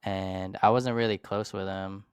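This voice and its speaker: A male podcast host asking a guest questions in a halting, hesitant way. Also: deep voice, fairly even intonation, clear, resonant tone, dry recording. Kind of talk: interview chat.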